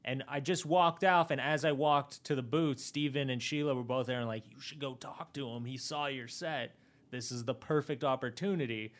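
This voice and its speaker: Male comedian guest, middle pitch, casual and profane, animated storyteller. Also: moderate pace. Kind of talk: casual podcast chat.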